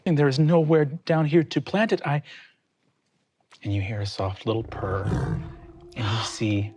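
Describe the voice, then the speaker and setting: Slow hushed male game master. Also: medium pitch, fairly even intonation, breathy edge. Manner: slow, measured, hushed narration. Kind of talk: narrating a tabletop game. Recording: faint music underneath.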